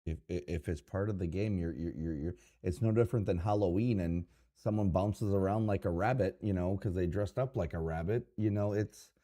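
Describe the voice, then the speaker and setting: A man's voice: sits low, fairly quick, hardly any pauses, dark tone. A man speaking as a guest in a casual live-stream chat, laid-back and plain-spoken.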